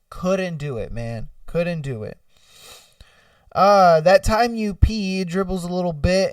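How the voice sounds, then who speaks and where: A podcast host with a fairly high-pitched voice is recorded from a distance in a clean studio with no echo. Reading listener ideas in casual solo commentary, he chats profanely, laughs often, and acts out silly scenarios.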